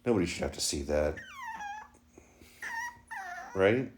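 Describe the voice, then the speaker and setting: A man with a low, gravelly voice talks casually at home in a home vlog. He jokes as he goes and slips into cooing baby talk with his puppy. His speech is loose and chatty. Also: lively intonation, moderate pace, noisy background. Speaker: vlogger and dog owner.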